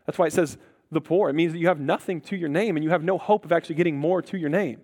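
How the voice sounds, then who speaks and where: A pastor delivers his sermon with earnest conviction, his voice a little higher than most men's. He sinks quietly on the words he wants to land and playfully nudges the congregation when they miss an easy answer. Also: fast.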